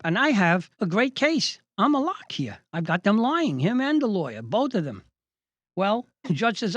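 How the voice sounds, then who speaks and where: A man's voice: fairly high pitch, no echo. An older man, a judge, hosting and telling a courtroom story from his days as a trial lawyer, acting out the exchanges with relish. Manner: lively anecdotal telling, acting out quoted exchanges.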